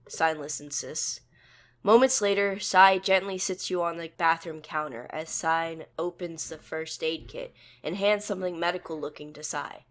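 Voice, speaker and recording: A woman narrates a second-person fan story in a plain, even way. Her voice sits a bit low. She moves steadily through the scene. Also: normal speed.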